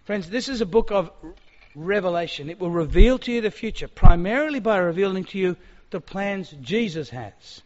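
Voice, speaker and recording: A man preaching a sermon, animated and acting out quoted speech, in a church hall. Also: sits high, moderate pace. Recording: long-reverb hall, dull sound.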